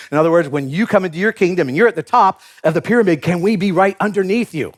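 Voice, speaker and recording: A man preaching a sermon in an animated way, laughing often and acting out the disciples in comic voices. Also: high-pitched, fast, few pauses. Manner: animated, acts out biblical characters with comic voices. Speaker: pastor.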